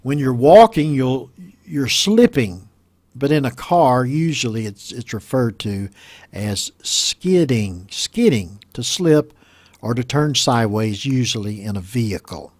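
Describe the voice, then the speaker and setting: American guy teaching english, slow and patient, repeats words, dry close sound. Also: mid-range voice, lively intonation, a little mellow, no echo. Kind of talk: reading a news story aloud and explaining words.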